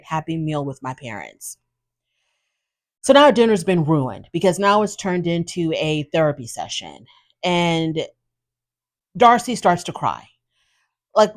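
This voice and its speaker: A woman, hosting and giving opinionated, animated commentary on a show and acting out quotes in her own voice. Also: lowish voice. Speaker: host recapping a reality show. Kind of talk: casual commentary.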